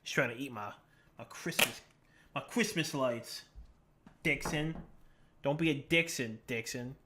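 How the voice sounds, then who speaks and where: A man's voice: mid-range voice, a little slow, sharp tone, slight background noise. A young man chatting casually on a live stream, joking and self-deprecating as he talks to his cats and to viewers.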